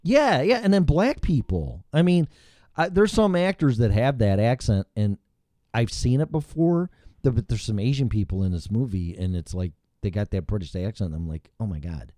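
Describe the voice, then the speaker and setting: A man's voice: mid-range voice, very animated, moderate pace, dark tone, no echo, clean studio sound. A man hosting a morning talk show in casual, rambling chat, blunt and full of profanity.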